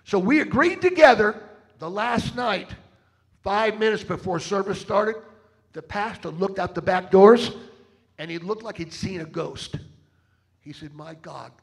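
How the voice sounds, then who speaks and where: A man's voice: high voice, lively intonation, a little slow, long pauses. A man preaching a sermon in a church, telling dramatic stories and calling out to the congregation for responses. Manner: dramatic storyteller, rallies the crowd with call-outs. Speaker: travelling preacher. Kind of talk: sermon with storytelling and fundraising appeal. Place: church service.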